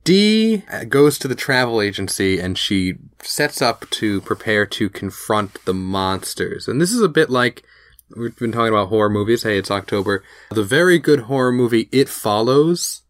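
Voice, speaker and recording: A man's voice: fairly low pitch, sing-song, moderate pace, no room sound, studio quality. A man co-hosting a podcast, recapping an episode in casual chat with lots of fillers and restarts. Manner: rambling, full of fillers and restarts. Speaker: podcast co-host.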